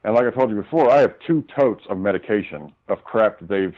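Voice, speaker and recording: A man with a fairly low voice talks as a guest, retelling his arguments with heat and plenty of swearing. The sound is a little dull and lo-fi, and his talk stays casual and conversational. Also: expressive, brisk. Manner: heated, profane retelling of arguments. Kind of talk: casual storytelling.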